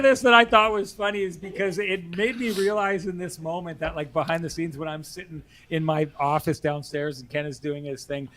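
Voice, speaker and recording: A man's voice: on the high side, fairly quick, hardly any pauses, background noise. A man co-hosting a hockey post-game show, talking casually with strong opinions and frequent laughter. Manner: animated, opinionated, laughs often. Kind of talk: casual sports talk. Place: bar.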